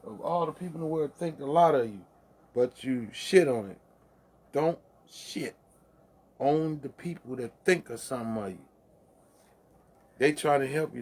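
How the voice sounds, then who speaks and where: A man hosting a casual late-night monologue, with loose, profane, preachy street talk, laughing at his own jokes. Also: mid-range voice. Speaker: livestream host.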